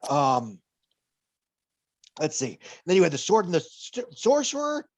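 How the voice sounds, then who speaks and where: A man's voice: on the high side, huge pitch swings, unhurried. Wry, digressive man reading box office numbers. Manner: wry, digressive, lists figures with dry jokes. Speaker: podcast co-host, box office analyst. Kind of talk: casual podcast chat.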